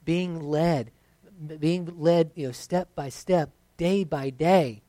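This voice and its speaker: A pastor preaching a conversational sermon that builds to emphatic points. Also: male voice, on the high side, slow pace, mellow, no echo.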